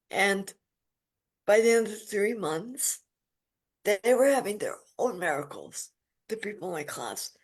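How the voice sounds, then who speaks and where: A woman in her forties, a podcast guest, telling her story in a lively, emphatic way. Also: lowish voice, breathy edge. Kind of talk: casual interview storytelling.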